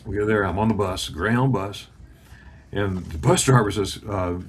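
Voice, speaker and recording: A man's voice: deep voice, brisk, a little hiss or hum. A man in his fifties from Florida, telling a personal story in a casual chat and acting out the voices of the people in it. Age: 50s. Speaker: guest.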